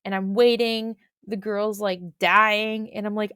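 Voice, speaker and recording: A woman's voice: medium pitch, steady tone, measured pace, fairly bright tone, smooth, no room sound. Woman, podcast co-host, casual rambling storytelling, lots of filler words, dry close sound.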